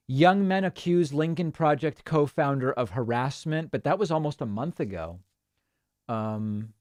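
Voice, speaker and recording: A male talk show host on a casual live stream, reading viewer comments and articles aloud and thinking out loud with wry asides. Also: medium pitch, no room sound, studio quality.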